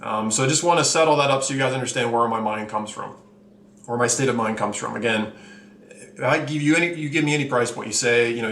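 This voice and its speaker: Male vlog host, mid-pitched, candid and blunt, a bit short of breath, echoey room with faint background hum. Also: brisk, a bit bright. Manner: candid, blunt, rambling with fillers. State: a little out of breath. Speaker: channel host reviewing watches. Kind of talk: casual vlog talk to camera.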